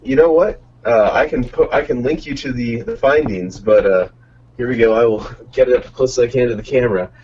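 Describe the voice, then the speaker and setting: A man's voice: medium pitch, a little fast, a little mellow, far from the mic, highs cut off, slight background noise. A man co-hosting a podcast in casual chat, rambling through long explanations. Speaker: podcast co-host. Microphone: desktop condenser mic on a boom arm.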